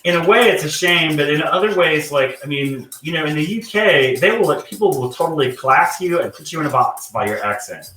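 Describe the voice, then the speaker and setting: A guest cook from the American South chats casually while cooking, rambling with plenty of fillers and restarts. His voice is a little high, expressive, pushed and bright, and he talks fairly quickly with hardly any pauses. He sounds distant from the mic in an echoey room with faint noise.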